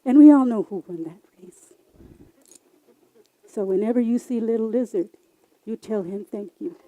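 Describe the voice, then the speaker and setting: A woman telling traditional and family stories live on stage, lively and expressive. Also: on the high side, moderate pace, rough recording. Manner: lively, expressive, varies loud and soft. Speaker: storyteller. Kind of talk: live oral storytelling.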